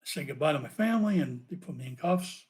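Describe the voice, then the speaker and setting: Male ex-cop guest, animated and profane storyteller, slightly high voice. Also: fast. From United States. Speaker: podcast guest, former police officer. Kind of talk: storytelling in a podcast interview.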